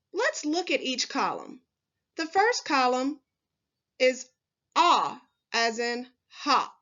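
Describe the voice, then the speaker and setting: A woman teacher giving a recorded first grade phonics lesson, speaking slowly and clearly to young children with encouraging words. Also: sits high, sharp tone, lo-fi sound. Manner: slow, clearly enunciated, encouraging teacher talk.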